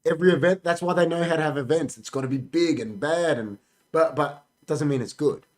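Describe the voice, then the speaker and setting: A man's voice: on the high side, a little fast, a little mellow. A young Australian man co-hosting a casual podcast chat, talking emphatically and ending boasts with "bro". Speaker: podcast co-host.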